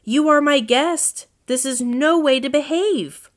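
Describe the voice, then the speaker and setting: A woman voicing a fussy, excitable male owl as she reads a children's storybook aloud. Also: measured pace, close to an everyday voice. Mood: scolding. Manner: high, fretful storybook voice.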